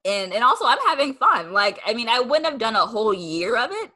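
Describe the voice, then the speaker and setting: Very animated and fairly quick, this young woman's slightly high voice is bright and forceful as she hosts her podcast. She's chatty, leans heavily on "like" fillers, and acts out quoted replies from people she talked to.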